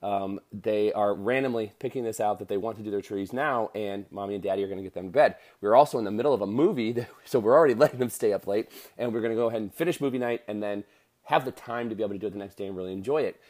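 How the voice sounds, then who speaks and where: A man's voice: lowish voice, quick pace, a little mellow. A man in his thirties giving a casual motivational monologue to listeners, rambling with many fillers and restarts.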